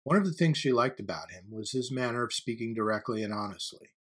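A man narrating a story as an audiobook reader, with a steady, even-paced storytelling delivery. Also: mid-range voice, fast talker, husky.

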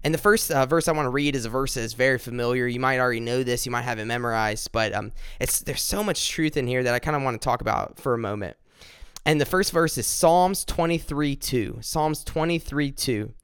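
Earnest man preaching, smooth voice. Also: medium pitch, a bit bright, no room sound, clean studio sound. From upstate South Carolina, US. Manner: earnest, repeats words, slows down for scripture. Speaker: devotional speaker. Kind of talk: informal devotional sermon.

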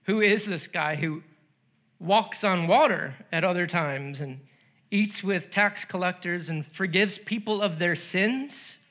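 Guy pastor preaching, bright high voice, acts out the bits, laughs a lot. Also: slow pace. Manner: animated, acting out the story's voices; laughs between lines. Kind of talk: sermon.

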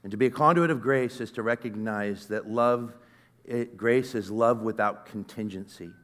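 A middle-aged man giving a sermon, telling a personal story in a conversational, earnest way that swings from loud to hushed. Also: on the low side, moderate pace. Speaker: conference speaker.

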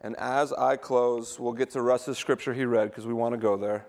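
A man's voice: medium pitch, steady tone, normal speed, creaky, darkish tone. A middle-aged male pastor preaching a sermon, emphatic and quizzing the congregation with questions as he reads scripture.

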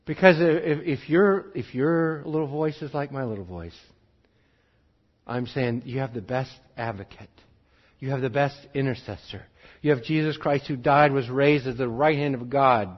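A man preaching a sermon in an earnest way, switching between urgent bursts and quiet, drawn-out phrases. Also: mid-range voice, highs cut off.

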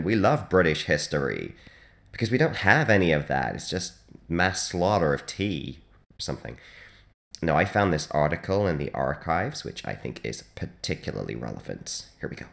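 A man hosting a comic hospital radio show in a dry, deadpan monologue with sudden loud jumps. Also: a bass voice, moderate pace, creaky.

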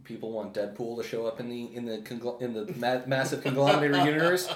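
Animated man in an echoey room. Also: mid-range voice, fairly quick, a loud crowd. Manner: animated, laughs often, trails off and restarts. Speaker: podcast co-host. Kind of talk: casual chat.

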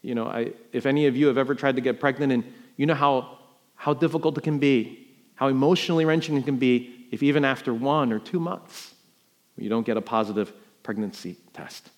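Middle-aged male pastor from New York, preaching; mid-range voice, jumps from loud emphatic peaks to hushed lows. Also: fairly quick. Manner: emotional storytelling with sharp swings between loud emphasis and quiet. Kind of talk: sermon.

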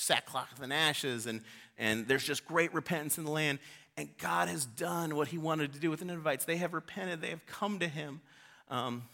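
A man's voice: mid-range voice, pushed and bright. A male pastor preaching a sermon in an informal, conversational storytelling way.

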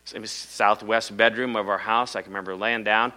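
A middle-aged male preacher from Iowa with a lowish, strikingly bright and forceful voice. He tells his story in a dramatic sermon style. Loud pushes alternate with hushed low passages, and a faint hum sits behind him. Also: fairly even intonation, normal speed, low-quality recording.

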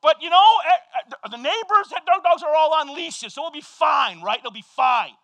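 A middle-aged male pastor giving a sermon, telling a story with lively energy and shouting at the high points. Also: dry recording. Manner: animated storytelling, shouting at peaks, quick asides.

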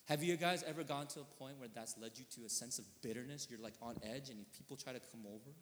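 A man preaches in an earnest, conversational way, constantly checking in with his listeners. His voice sits at an ordinary middle pitch and drops into quiet reflection before rising into emphatic bursts. A long reverb trails every phrase, as in a large church sanctuary. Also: quick pace. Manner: earnest, often asking listeners with tag questions. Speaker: pastor. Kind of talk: conversational sermon.

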